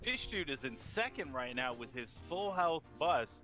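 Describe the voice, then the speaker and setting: A man giving eager play-by-play commentary on a video game race, rising in excitement at each crash. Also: fairly high pitch, a little slow, faint music behind.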